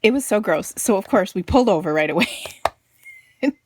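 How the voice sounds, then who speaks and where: A woman's voice: medium pitch, animated, brisk, a little mellow, a little hiss or hum. Chatty woman telling a crafting story. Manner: chatty, laughs often, exclaims. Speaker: card-making crafter and blogger. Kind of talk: casual storytelling while crafting.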